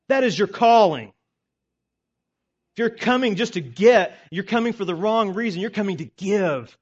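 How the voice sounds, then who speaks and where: High-voiced pastor preaching hard, gets loud then drops real quiet, kinda muffled lo-fi audio. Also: male voice. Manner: emphatic preaching with sharp rises and quiet drops. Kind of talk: sermon. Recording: dull lo-fi recording.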